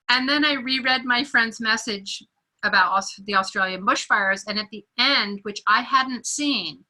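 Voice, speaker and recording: A woman recounts a personal experience to her group in an animated, expressive way. She acts out the voices of people she quotes. Her voice is very bright and a little higher than most women's. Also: a little slow, low-quality recording. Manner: animated storyteller who acts out quoted voices and laughs often. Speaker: meeting participant. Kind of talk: sharing a personal story in a group meeting.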